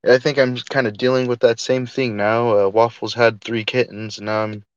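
A man's voice: mid-range voice, level tone, normal speed, clean tone, dry recording. A man chatting casually and hesitantly, restarting his questions, heard on a dull, lo-fi recording. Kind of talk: casual conversation. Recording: dull lo-fi, dry sound.

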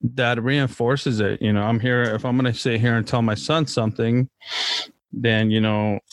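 A man's voice: mid-range voice, steady tone, moderate pace, no room sound. A man in casual conversation, laid-back and swearing freely, acting out the people in his stories. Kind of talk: casual chat.

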